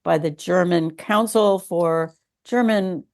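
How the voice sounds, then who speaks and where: Wry, opinionated woman with a lowish voice. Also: slow pace, a little mellow. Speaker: podcast co-host. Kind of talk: casual chat.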